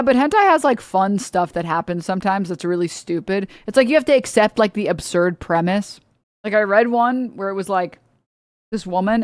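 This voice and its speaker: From her home streaming setup, a woman streamer goes on a casual livestream rant, rambling with plenty of "like," frequent swearing, and lots of laughter. Her mid-range voice is captured in studio quality with no echo.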